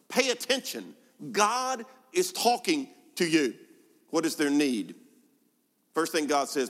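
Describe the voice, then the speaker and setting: Preaching man in a reverberant hall. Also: a little high. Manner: rhetorical questions, emphatic repetition. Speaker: pastor. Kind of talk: sermon.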